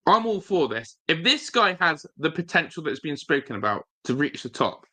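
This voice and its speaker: A man hosts a live stream for a football fan channel, chatting loosely and rambling with fillers while reading viewers' comments aloud. His voice is a little high and sharp, with big pitch swings and a moderate pace.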